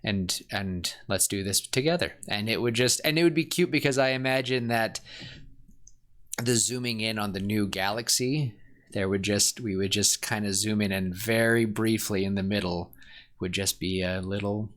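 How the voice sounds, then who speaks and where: Excited low-voiced man gushing on a podcast. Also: moderate pace. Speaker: podcast co-host. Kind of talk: casual chat.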